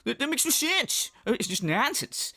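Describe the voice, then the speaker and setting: A man's voice: extremely high pitch, sing-song, pushed and bright, no echo, studio quality, voice pushed up, exaggerated voice. A man doing a mocking impression of a self-important male streamer who rambles and drags out his sign-offs. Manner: rambling, drawn-out "you guys" endings.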